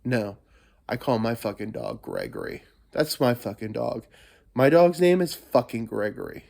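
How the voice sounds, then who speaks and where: Male podcast host, lively swoops in pitch, profane rambling, slight cold. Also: moderate pace, gravelly. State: getting over a cold, coughing. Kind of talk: casual solo podcast monologue.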